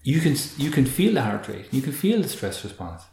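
A man, a guest expert explaining in an earnest, animated way, often restarting with repeated words. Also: mid-range voice, fairly quick, creaky, a little hiss or hum. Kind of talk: conversational explaining. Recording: roomy echo.

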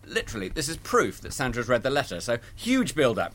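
Middle-aged man, animated Santa trainer, theatrical delivery. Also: medium pitch, a little fast, vocal fry, hardly any pauses. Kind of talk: explanatory interview talk.

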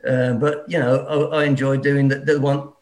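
Man, guest actor, casual banter, remote call, average pitch. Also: level tone, moderate pace, darkish tone. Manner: jokey, easygoing banter. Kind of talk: casual podcast chat. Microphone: remote call from abroad.

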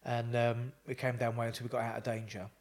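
A man, a psychotherapist guest telling a lively story in a casual interview. He swears and laughs as he talks. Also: mid-range voice, quick pace.

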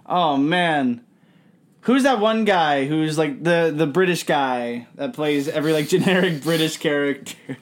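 A young man co-hosting a podcast, his voice sitting a little high. He laughs easily and rambles as he hunts for words. He swears freely in relaxed, casual chat. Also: measured pace. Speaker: podcast co-host.

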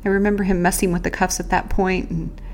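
A woman with a somewhat low voice tells her own story as a podcast host. She speaks earnestly and haltingly, pausing and restarting as she recalls each moment. She also speaks openly of prayer and faith. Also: level tone, a little hiss or hum. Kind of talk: first-person personal storytelling.

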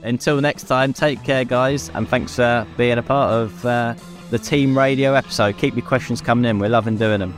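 A man's voice: mid-range voice, steady tone, normal speed, soft background music. A man co-hosting a casual podcast chat, easygoing and chummy. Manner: easygoing, says mate and yeah a lot. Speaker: podcast co-host.

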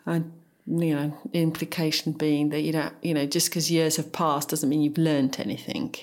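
A woman's voice: low-pitched, fairly even intonation, normal speed. A young adult woman in casual conversation, frank and opinionated, laughing often as she tells stories. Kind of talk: casual chat.

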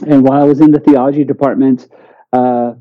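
American guy guesting on a podcast, mid-pitch, stumbles and repeats words, kinda muffled lo-fi audio. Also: flat delivery. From United States. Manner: halting, repeats words while searching for them. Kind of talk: casual interview chat.

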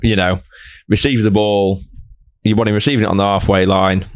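Low-voiced man rambling about football. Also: little pitch movement, brisk, clear, resonant tone, dry recording, studio quality. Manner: rambling, many restarts. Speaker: podcast co-host. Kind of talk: casual football chat.

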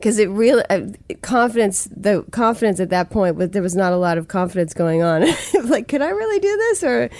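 A woman from Massachusetts with a Boston accent talks casually about songwriting, her speech loose and friendly with frequent laughs. Her voice sits at a middling pitch and the recording is close and dry, with no room sound. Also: brisk, hardly any pauses, darkish tone, no echo. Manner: chatty, laughs often. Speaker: songwriter guest. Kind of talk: casual interview chat.

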